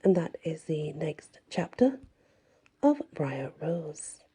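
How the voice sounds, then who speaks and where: A woman narrating an audiobook-style story in a soft ASMR reading voice, calm and measured. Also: low-pitched, husky.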